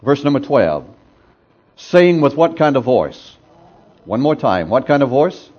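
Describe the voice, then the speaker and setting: A man's voice: mid-range voice, sing-song, unhurried, long pauses, darkish tone, muffled recording. A man preaching a sermon, emphatic and repeating phrases for effect, asking the congregation to answer him. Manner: asks the congregation for responses.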